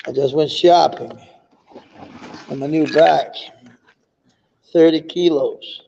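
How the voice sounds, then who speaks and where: A man's voice: a little high, fairly even intonation, extremely slow, gravelly, long pauses, mellow. A man with a Danish accent chatting casually on a live stream, rambling and swearing often with many restarts. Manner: meandering, profane, many restarts. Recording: dull lo-fi stream audio.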